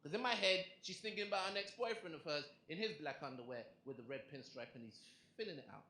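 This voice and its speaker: A young man performing a stand-up comedy set on a club stage, telling a story in an animated way and acting out the other people's lines. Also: on the high side, quick pace, very noisy. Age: young adult. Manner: animated storytelling with acted-out quotes. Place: comedy club stage before a live audience. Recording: roomy live club recording. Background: audience laughter.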